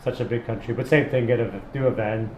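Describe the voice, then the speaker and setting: A man's voice: mid-range voice, steady tone, fast talker. Barber guy rambling on mid-haircut, repeats himself a lot, echoey shop with some hum. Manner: chatty storyteller, rambling and repeating phrases. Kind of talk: casual chat while cutting hair. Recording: echoey room.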